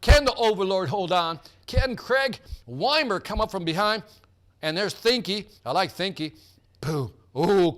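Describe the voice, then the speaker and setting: Brief: upbeat male quiz host, high bright tone, teases players by name. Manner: hyped, joking, calls out players by name. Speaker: host of a sales team quiz. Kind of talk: energetic live quiz hosting.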